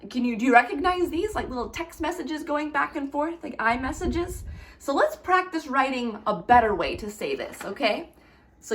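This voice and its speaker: A woman's voice: sits high, fairly bright tone. A woman teaching children a lesson in a patient, explaining way while writing things down.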